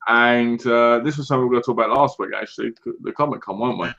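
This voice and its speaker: A man's voice: medium pitch, very fast, vocal fry, fairly bright tone, dull audio. A man co-hosting a casual livestream chat, rambling and laughing often. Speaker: co-host.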